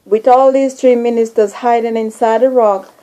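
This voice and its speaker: A woman host earnestly recounting a dream as a message to her viewers, slow and deliberate. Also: fairly high pitch, fairly even intonation, mellow, poor audio. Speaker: video channel host.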